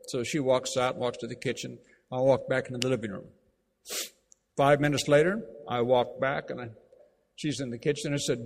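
A man preaching a sermon, emphatic, repeating key phrases and slowing down to read scripture aloud. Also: mid-range voice, creaky. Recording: long reverb of a large hall.

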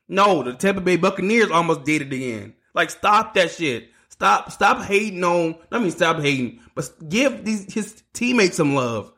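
A man's voice: sits high, expressive, normal speed, hardly any pauses, pushed and bright. A man hosting a solo sports podcast, ranting casually with lots of swearing and restarts. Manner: ranting, profane, restarts a lot. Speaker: podcast host.

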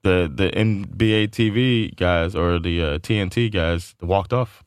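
Low-voiced guy rambling on a podcast, dry close sound. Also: unhurried, smooth, dry recording. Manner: loose, rambling, laughs and swears freely. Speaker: podcast co-host. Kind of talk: casual chat.

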